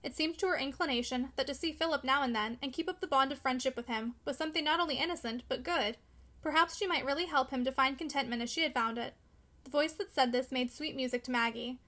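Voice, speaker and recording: A woman narrating a classic novel in a measured, steady reading. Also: sits high. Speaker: audiobook narrator.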